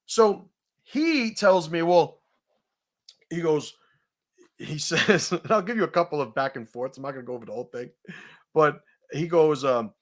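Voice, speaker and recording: A man host telling a profane confrontation story in a casual, animated way, laughing at his own punchlines. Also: a little high, normal speed, pauses often.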